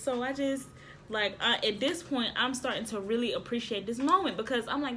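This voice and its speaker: A woman vlogging casually, telling a story to viewers in an excitable way, repeating phrases and laughing often. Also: fairly high pitch, a little fast, slight background noise.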